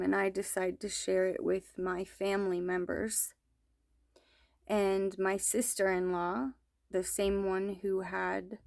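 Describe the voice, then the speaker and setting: A mother slowly and earnestly recounting a troubling dream, with hesitant pauses. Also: mid-range voice, darkish tone, dry recording, clean studio sound. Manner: slow, earnest, hesitant storytelling. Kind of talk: personal testimony.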